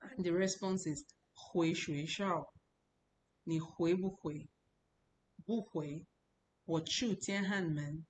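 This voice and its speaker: A woman's voice: on the low side, slow, pauses often, a little hiss or hum, poor audio. A woman teaching a language class, repeating words and drilling the tones. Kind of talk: classroom lesson.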